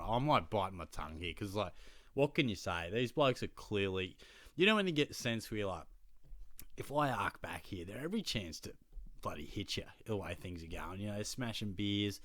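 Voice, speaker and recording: A man's voice: on the low side, expressive, fairly quick, a bit bright, dry recording. A young Australian man hosting a podcast, telling a story in casual, blokey banter with plenty of swearing. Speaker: podcast host.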